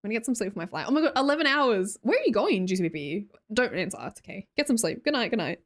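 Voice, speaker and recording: A woman's voice: on the high side, very animated, racing. A young Australian woman hosting a livestream, chatting casually, reading viewer comments aloud and laughing often. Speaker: livestream host.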